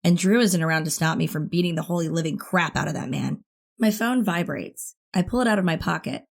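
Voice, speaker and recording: Woman reading a teen thriller audiobook, lowish voice, close and expressive. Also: brisk, vocal fry. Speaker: audiobook narrator. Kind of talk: first-person thriller audiobook narration.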